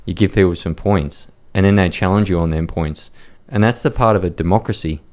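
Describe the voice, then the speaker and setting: Podcast guest: man, low-pitched, blunt, profane, rambling storyteller. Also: a little fast, a little mellow. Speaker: podcast guest, war reporter. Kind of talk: casual storytelling chat.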